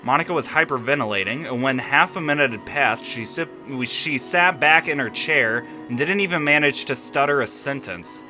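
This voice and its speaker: A gaming streamer reading a visual novel aloud and reacting with profane, animated commentary. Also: medium pitch, moderate pace, few pauses, music in the background.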